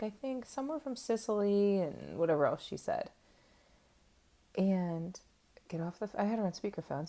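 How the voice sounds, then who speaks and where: A woman's voice: medium pitch, gravelly. A woman in her thirties telling a candid, self-mocking story to camera in a casual chat, with lots of fillers. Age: 30s. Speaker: vlogger.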